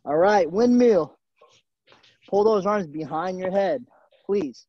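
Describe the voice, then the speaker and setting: A man's voice: high-pitched, animated, takes it slowly, no echo, dull audio. A man coaching a live online gymnastics class, encouraging the kids and calling them by nickname. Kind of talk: live virtual fitness class. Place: gym. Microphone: camera mic on a video call.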